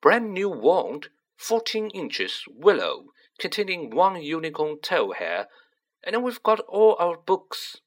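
A man voicing an excitable, chatty teenage boy wizard who talks in animated, joking bursts. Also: sits high, takes it slowly, pitched above the performer's own voice, heavily acted.

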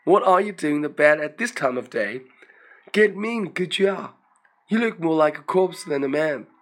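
A man reading aloud voices an excitable young peasant woman who scolds in loud, shrill outbursts. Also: normal speed. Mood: shocked.

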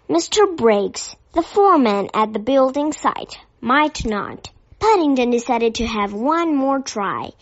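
Slow woman reading a storybook. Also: a little high, no echo. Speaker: narrator. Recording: dull dry lo-fi recording.

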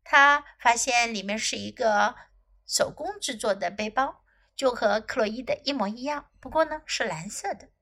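A woman English teacher reading a children's story aloud in two languages, with slow, clear teaching delivery and repetitions. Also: a little high, pushed and bright.

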